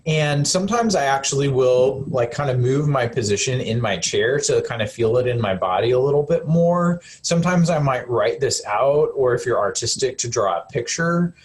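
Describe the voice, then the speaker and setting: A man presenting a live self-compassion webinar as a counselor, speaking gently and conversationally with frequent fillers and restarts. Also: mid-range voice, lively intonation, normal speed, hardly any pauses, a little hiss or hum.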